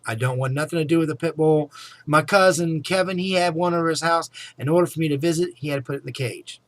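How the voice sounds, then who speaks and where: A man's voice: fairly high pitch, quick pace, a bit bright, dry recording. A middle-aged man telling a personal story in a casual, rambling way, often saying "anyway" and "okay?". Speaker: vlogger.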